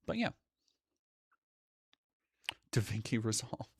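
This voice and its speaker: A man's voice: lowish voice, sing-song, slow, darkish tone, slightly rough, no echo. A man streaming live, chatting casually and profanely while reading out viewer comments. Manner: rambling, profane, reads chat aloud. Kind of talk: casual livestream chat.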